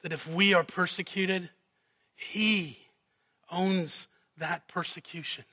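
High, bright-voiced man preaching slowly. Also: fairly even intonation. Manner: preaching with swelling emphasis and dropping to quiet asides. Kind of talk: sermon.

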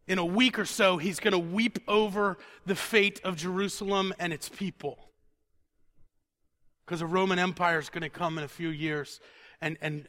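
Man, sermon, fairly high and bright voice, conversational, repeats words, turns quiet and intense. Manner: drops to a quiet intense tone on solemn points. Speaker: preacher.

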